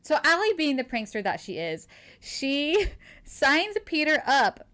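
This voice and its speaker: A woman's voice: high voice, unhurried. A woman co-hosting a podcast, casually retelling a novel's plot with lots of "like" and acted-out dialogue. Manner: animated storyteller, acts out dialogue, frequent "like". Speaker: podcast co-host. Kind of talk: casual book recap chat.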